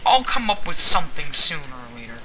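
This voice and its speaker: High-voiced man rambling over loud keyboard clicks. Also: sing-song, fairly quick, background noise. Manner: rambling, filler-heavy chat while reacting to the game. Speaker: gaming channel host. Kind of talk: casual gameplay commentary.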